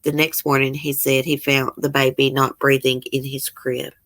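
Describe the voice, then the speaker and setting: Low-voiced emotional woman. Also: little pitch movement, moderate pace, fairly bright tone. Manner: emotional, reads news aloud and comments bluntly. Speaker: channel host. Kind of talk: casual true-crime commentary.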